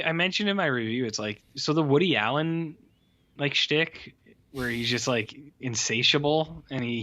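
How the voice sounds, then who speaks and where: A man's voice: mid-range voice, sharp tone. Sweary, rambling man on a lo-fi podcast. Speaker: podcast co-host. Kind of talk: casual film review chat.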